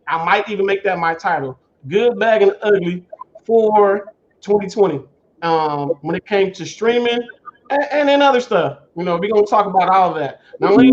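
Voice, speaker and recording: Laid-back high-voiced man hosting a livestream. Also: a little hiss or hum. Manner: loose, laughing, greets viewers by name. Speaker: livestream host. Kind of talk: casual livestream chat. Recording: dull lo-fi stream audio.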